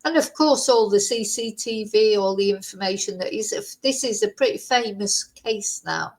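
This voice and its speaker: A woman's voice: mid-range voice, moderate pace, darkish tone, poor audio. A woman vlogger in casual chat, thinking aloud and musing through lots of rhetorical questions.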